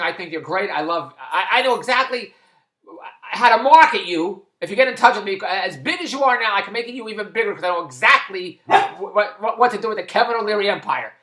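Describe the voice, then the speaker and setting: A man rambles through a personal story at a quick clip, chatty and excitable, jumping from one aside to the next. His voice is bright and forward. The bedroom he records in gives it a roomy echo. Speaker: vlogger and TV producer. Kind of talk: rambling personal video blog. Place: his kid's bedroom at home. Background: dog squeaking a toy.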